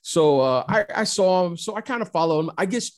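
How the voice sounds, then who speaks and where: A man's voice: sits high, lively intonation, brisk. Easygoing man in his fifties. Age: 50s. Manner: easygoing, reflective storytelling. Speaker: podcast co-host, former pro player. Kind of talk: casual sports chat.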